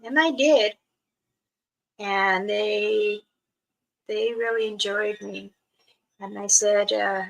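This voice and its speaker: An older woman, a spiritual elder, talking casually to her viewers in a slow, soft, halting way with many pauses. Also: mid-range voice, steady tone, vocal fry, low-quality recording. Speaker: spiritual elder and channel host.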